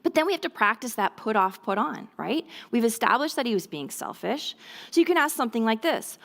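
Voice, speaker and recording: A woman's voice: a little high, sing-song, fairly quick, creaky, fairly bright tone. A woman giving a conversational church talk to mothers about resolving conflict with children, often checking in with "okay?" and "right?" and briefly acting out kids' lines. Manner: acts out children's voices in brief quoted lines. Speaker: speaker at a mothers' ministry talk. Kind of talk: church teaching talk on parenting.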